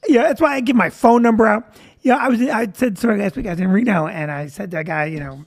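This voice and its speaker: Joking self-deprecating comedian host. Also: male voice, high voice, quick pace, vocal fry. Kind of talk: casual comedic chat.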